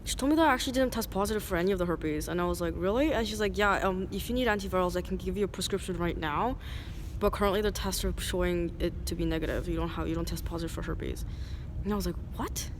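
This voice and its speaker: A woman's voice: lowish voice, fast talker. Casting: woman vlogger, rambling, noisy street background. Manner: rambling, many "like" fillers. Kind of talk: rambling casual monologue.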